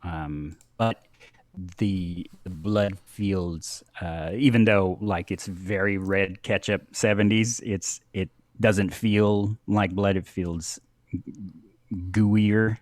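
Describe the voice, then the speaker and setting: Slow-talking man running a tabletop game. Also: low voice, fairly even intonation, a little mellow, no room sound. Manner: halting, many ums and uhs, laughs often. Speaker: game master. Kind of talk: narrating a tabletop wrestling game.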